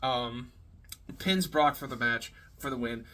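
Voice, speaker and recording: A man giving a casual, rambling spoken review, heavy on swearing, fillers and quick laughs. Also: mid-range voice, bright, forceful tone. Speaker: wrestling reviewer.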